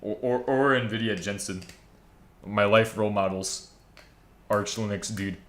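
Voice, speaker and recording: A man's voice: lowish voice, steady tone, measured pace, fairly bright tone. A man casually chatting on a live stream, joking around and reading viewer comments aloud while he builds a server. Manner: joking, rambling, reads chat aloud.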